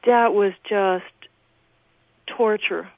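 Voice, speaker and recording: A woman's voice: medium pitch, fairly even intonation, very slow, creaky, no echo. An actress being interviewed over the phone, gushing and restarting her sentences often. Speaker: actress guest. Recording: tinny phone line.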